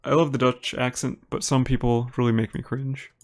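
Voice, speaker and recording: A man from Minnesota with an Upper Midwest American accent, a live streamer giving relaxed, chatty gameplay commentary and reading viewers' messages aloud. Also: mid-range voice, moderate pace. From Minnesota, United States. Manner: relaxed and chatty, laughs easily, talks to viewers by name.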